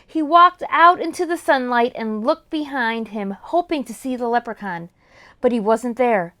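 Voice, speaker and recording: A woman hosting story time, reading a children's book aloud in an expressive storytelling manner. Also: fairly high pitch, moderate pace.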